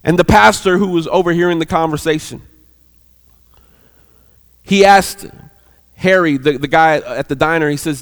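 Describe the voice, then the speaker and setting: Give me a high-voiced preacher telling a story with echo from a big hall. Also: male voice, normal speed, pauses often. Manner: animated, repeats words. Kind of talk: sermon storytelling.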